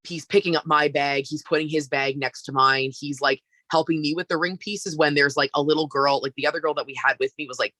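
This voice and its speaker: A woman from Canada, a wrestler guest on a podcast, telling a story in a casual, animated way with lots of fillers. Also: low voice, fairly quick, hardly any pauses, dry recording.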